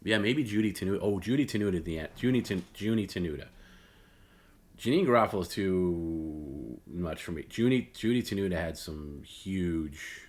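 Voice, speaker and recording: A man's voice: sits low, animated, moderate pace. A middle-aged man hosting a late-night solo talk stream, rambling and opinionated, blunt, with many fillers and restarts. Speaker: host.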